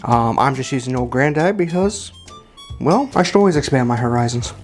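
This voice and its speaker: A man's voice: mid-range voice, lively intonation, normal speed, soft background music. A man chattily walking through a cocktail tutorial at a home bar, informal and full of fillers and restarts. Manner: chatty and informal, with many fillers and self-corrections. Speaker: home bartender demonstrating cocktails.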